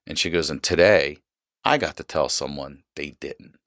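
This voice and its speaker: A man in his forties with a remarkably low, deep voice, telling a personal story as a podcast guest. He talks candidly and swears freely, leaning hard on his words. The sound is close and dry. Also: normal speed, a bit bright, dry recording. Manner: candid, profane, emphatic retelling. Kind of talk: casual storytelling.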